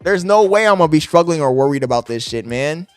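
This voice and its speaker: Young male streamer, loud and crude, slightly high voice, dry close mic, faint music behind. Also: animated, quick pace, clear, resonant tone, no echo. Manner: loud, yelling into the mic, profane, laughing. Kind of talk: casual live-stream chat. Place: apartment. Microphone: desk microphone.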